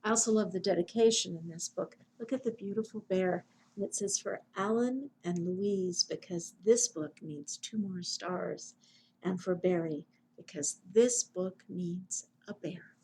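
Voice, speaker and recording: A woman librarian reading picture books and singing to babies in a gentle sing-song way. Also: lowish voice, measured pace, slight background noise, rough recording. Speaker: children's librarian. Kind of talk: baby storytime reading and singing.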